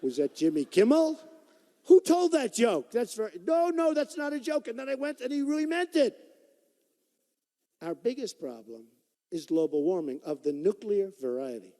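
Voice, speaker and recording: This sixty-something man speaks at a campaign rally held in a large performing arts hall, using a high-pitched, mellow voice with big pitch swings at a moderate pace. He's a political candidate, and his talk comes across as repetitive, boastful and conversational, echoing with long hall reverb.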